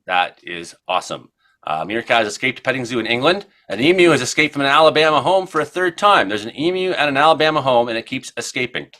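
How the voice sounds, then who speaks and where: Bright-voiced rambling Canadian radio host. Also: male voice, mid-range voice, lively intonation, fast talker. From Ontario, Canada. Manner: rambling storyteller, many fillers. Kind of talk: casual radio chat. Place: radio studio.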